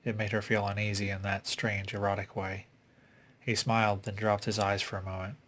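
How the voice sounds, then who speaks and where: A man reading a suspense story aloud in a steady, unhurried way. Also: on the low side. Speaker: reader. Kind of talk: audiobook story narration.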